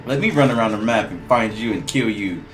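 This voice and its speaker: A man giving casual gameplay commentary, excitable and trash-talking, laughing often and yelling at opponents. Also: on the low side, a little fast, soft background music. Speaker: gamer streamer.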